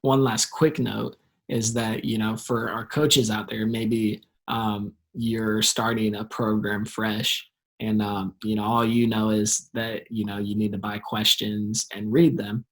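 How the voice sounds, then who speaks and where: A man's voice: lowish voice, flat delivery, a little slow, low-quality recording. A man who used to be a quizzer, a guest in a casual chat, speaking hesitantly with many fillers.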